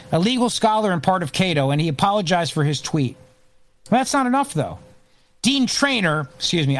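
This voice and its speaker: A middle-aged man hosting a talk radio show, delivering a sarcastic, mocking monologue. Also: fairly high pitch. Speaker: fill-in radio host.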